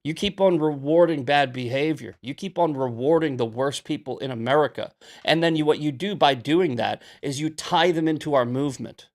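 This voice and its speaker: Barely pausing, a young livestream host with a fairly high voice and moderate pace fires back at his chat about politics. His commentary is combative, a heated rant.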